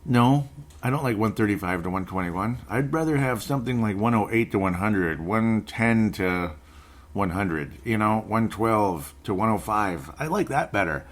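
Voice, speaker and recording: A man's voice: on the low side, expressive, moderate pace. A man in his forties hosting a basketball show, ranting sarcastically about a game in casual commentary. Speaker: basketball podcast host.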